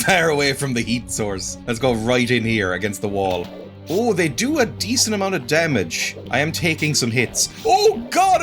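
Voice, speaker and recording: A man's voice: medium pitch, a bit bright. A man giving sarcastic commentary while playing a video game, often breaking into exclamations. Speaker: gaming video creator.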